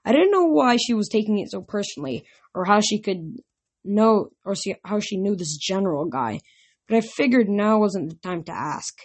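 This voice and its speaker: A woman narrating a novel aloud in a steady storytelling manner. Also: mid-range voice, moderate pace. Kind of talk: audiobook narration.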